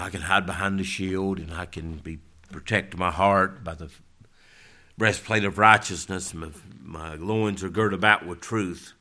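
Preacher guy, deep voice but bright edge, gets loud then drops real low. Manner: emphatic, rising to loud declarations then dropping low. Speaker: pastor. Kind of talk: sermon.

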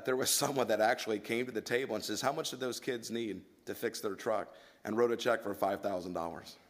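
A man's voice: mid-range voice, a bit bright. Earnest male preacher delivering a sermon. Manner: earnest, emphatic storytelling with rhetorical questions.

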